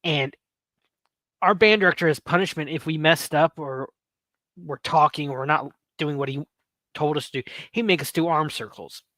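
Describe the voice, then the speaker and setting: Bright-voiced man chatting on a livestream. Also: fairly high pitch, moderate pace, no room sound. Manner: rambling, storytelling, playful with chat. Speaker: livestream host. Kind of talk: casual livestream chat with viewers.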